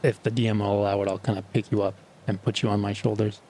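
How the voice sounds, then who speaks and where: A man's voice: fairly low pitch, level tone, quick pace, mellow, a little hiss or hum. A man playing a tabletop game, eager and stumbling over his words as he plans his move. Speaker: player. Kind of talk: tabletop role-play.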